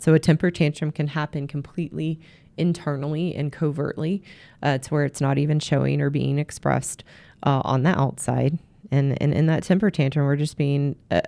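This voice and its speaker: A woman's voice: low-pitched, creaky, mellow. A woman host and marriage coach giving earnest advice, often repeating words as she restarts. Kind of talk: advice talk to camera.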